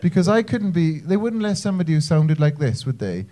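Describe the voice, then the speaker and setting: Cheeky North Welsh stand-up comedian. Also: male voice, a little high, sing-song, brisk, warm tone. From Wales. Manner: cheeky, self-mocking banter with the audience. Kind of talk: stand-up set with crowd work. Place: comedy club stage.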